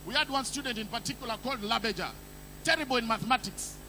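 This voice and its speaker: A Ugandan man with a Ugandan English accent doing stand-up comedy, telling playful stories and breaking into shouted impressions. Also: very high voice, a little hiss or hum. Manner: playful storytelling, quick bursts of shouted impressions.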